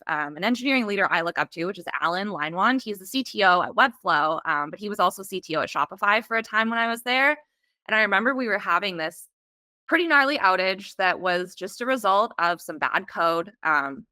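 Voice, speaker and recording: A woman's voice: medium pitch, expressive, fairly quick, sharp tone, no echo, clean studio sound. A woman hosting an interview, chatting in an easy conversational way and laughing easily. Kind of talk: casual interview chat.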